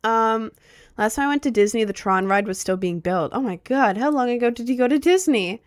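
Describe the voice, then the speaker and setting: A woman's voice: on the high side, lively intonation, a little fast, no echo, clean studio sound. A young woman streamer from Maryland chatting casually and rambling as she reads viewer questions. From Maryland, USA. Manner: chatty, rambling, filler-heavy. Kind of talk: casual livestream chat, reading viewer questions.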